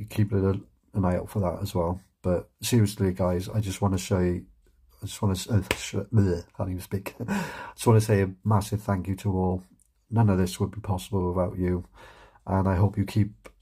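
Male reaction vlogger, deep and husky, loose heartfelt rambling. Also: dark tone. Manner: rambling, heartfelt, lots of ums and restarts; swears casually. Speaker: reaction channel host. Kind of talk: casual reaction vlog chat.

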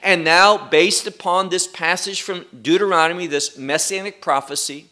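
A man teaching a Bible study lesson, speaking deliberately with emphatic pauses. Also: sits high, steady tone, bright, forceful tone.

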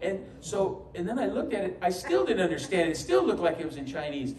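A man's voice: high-pitched, very animated, fairly quick, darkish tone, a little hiss or hum. A man from New York preaching a sermon as pastor, telling stories with humorous asides and acting out the voices he quotes. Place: church sanctuary. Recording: echoey church hall, mic from a distance, faint ambience.

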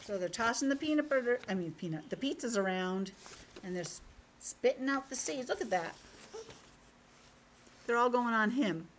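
A woman's voice: fairly high pitch, moderate pace, pauses often, a little hiss or hum. A young woman teacher reading a picture book aloud to children over a video call, with chatty asides. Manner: animated, chatty asides to kids.

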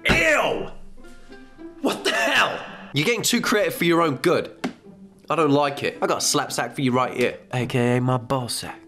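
A man's voice: medium pitch, moderate pace, sharp tone, faint music behind. A young man giving comedic reaction commentary, exasperated and sweary, with grossed-out outbursts.

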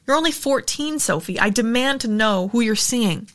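A woman's voice: fairly high pitch, brisk, gravelly, fairly bright tone. A woman reading the part of an anxious, demanding mother in an audiobook, with an insistent questioning manner. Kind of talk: audiobook character voice.

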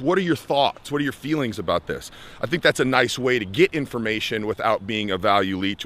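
A young man from the United States, a life skills coach, tells a story in a lively vlog style and acts out the voices of the people he quotes. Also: mid-range voice.

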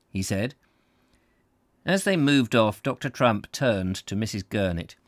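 A man narrating a novel in an expressive reading with small slips. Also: mid-range voice, a little slow, no room sound, studio quality. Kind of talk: audiobook reading.

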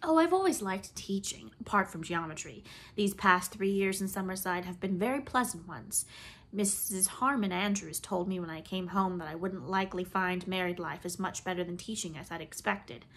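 A woman voicing a bright, dreamy young woman with a whimsical, sentimental way of talking. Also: medium pitch, normal speed. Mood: wistful.

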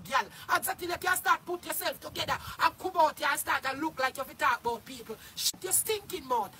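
A Jamaican man ranting on a livestream in a high, bright, sharp voice. He curses hard and keeps breaking into shouts. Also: a little hiss or hum. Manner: loud, cursing, often shouting. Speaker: social media personality. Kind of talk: angry livestream rant.

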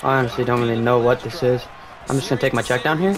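A young man giving live commentary on his own video game, talking casually, swearing, and yelling at big plays. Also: mid-range voice, little pitch movement, very fast, over music. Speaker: gaming streamer.

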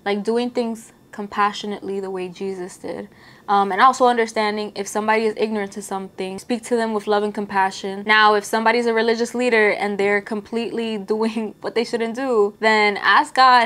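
A woman's voice: medium pitch, steady tone, a little fast, fairly bright tone. A woman giving a casual, earnest talk about her Christian faith to camera, speaking conversationally with frequent filler words. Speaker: Christian vlogger.

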